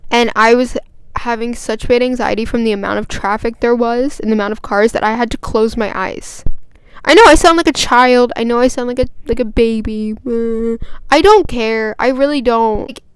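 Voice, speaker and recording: A woman's voice: on the high side, fairly even intonation, normal speed, clear, resonant tone, no room sound. A young woman vlogger telling a story and ranting in a chatty, rambling way with lots of fillers. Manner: grows agitated and emphatic. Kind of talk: casual storytime rant.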